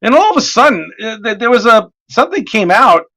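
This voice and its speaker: A man in his forties chatting casually as he works, an animated, rambling storyteller with plenty of swearing. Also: high voice, fairly quick. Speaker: artist streaming his work. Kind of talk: casual chat.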